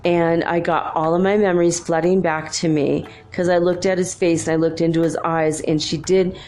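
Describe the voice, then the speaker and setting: A woman hosting a talk show, telling a story casually, chatty and laughing often as she quotes people in lively voices. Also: on the low side, normal speed. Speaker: podcast host.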